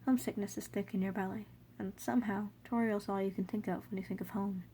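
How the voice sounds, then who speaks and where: A woman reading a fan story aloud in second person, soft, earnest and gently emotional. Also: mid-range voice, steady tone, fast, a little hiss or hum. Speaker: fanfiction reader.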